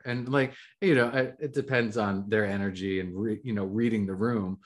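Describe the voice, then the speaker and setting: A man's voice: on the low side, fairly even intonation, normal speed, hardly any pauses. Man chatting eagerly on a podcast. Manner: enthusiastic, rambling, laughs often. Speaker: podcast co-host. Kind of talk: casual spiritual chat.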